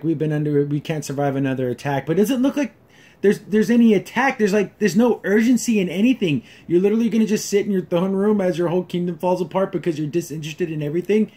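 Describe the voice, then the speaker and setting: A man's voice: high voice, a little mellow. A man hosting a casual episode review, ranting sarcastically and exasperatedly, full of fillers and restarts. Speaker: show reviewer.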